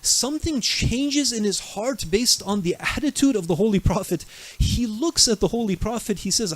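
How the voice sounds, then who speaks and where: A man's voice: high voice, moderate pace, fairly bright tone. A male preacher telling a religious story in a night sermon, dramatic, acting out the people he quotes. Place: mosque.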